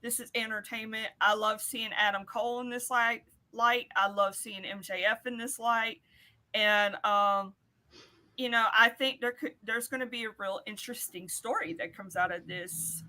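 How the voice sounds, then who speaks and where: A woman's voice: fairly high pitch, steady tone, moderate pace, bright, forceful tone. A woman co-hosting a wrestling podcast in casual chat, reading out viewer comments. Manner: chatty, reads out viewer comments. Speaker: podcast co-host.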